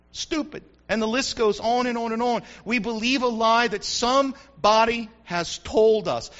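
High, bright-voiced male preacher. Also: highs cut off. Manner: animated preaching that builds to shouts; repeats phrases for emphasis. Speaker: pastor. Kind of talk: sermon.

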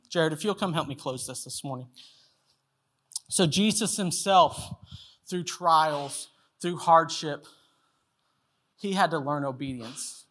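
A man's voice: fairly high pitch, a little slow, pauses often, a bit bright. A man in his thirties preaching a sermon as pastor, telling a family story and acting out its voices. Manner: storytelling, acts out voices in anecdotes.

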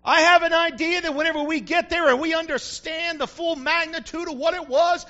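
A man's voice: extremely high pitch, normal speed, few pauses, sharp tone. A middle-aged male pastor giving a folksy, emphatic sermon with repeated refrains. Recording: muffled lo-fi recording.

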